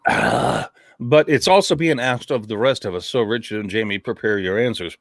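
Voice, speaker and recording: A man hosting a casual podcast from a remote call, telling stories in an animated, joking way with some cussing. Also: medium pitch, normal speed, dry recording, studio quality. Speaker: podcast host. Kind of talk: casual chat. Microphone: remote call mic.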